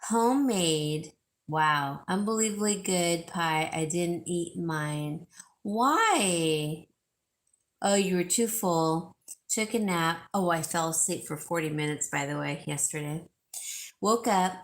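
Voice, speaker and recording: A woman's voice: lowish voice, slow. A woman hosting a live sale stream, chatting casually and reading viewer comments, rambling with fillers and restarts. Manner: gushing, repeats herself for emphasis.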